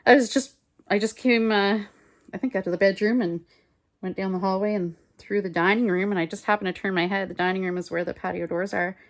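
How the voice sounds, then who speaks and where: A woman chatting casually while she makes a collage at home, rambling and muttering softly to herself as she works, recorded on a phone on a mount. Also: mid-range voice, steady tone, brisk. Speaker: collage artist. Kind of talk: casual crafting chat. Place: home craft table, indoors.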